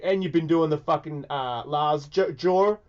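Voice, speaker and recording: A man hosts a radio show while sick, rambling and swearing as he drops to a mumble, then rises to a shout. His voice sits a bit high. The sound is dull and lo-fi. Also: measured pace. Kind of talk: casual radio chat.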